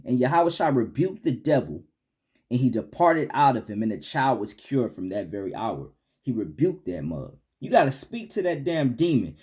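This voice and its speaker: An American man teaches a Bible lesson in casual street slang, reading verses aloud and tacking "man" onto many phrases. He swings between loud rebukes and low, quiet asides.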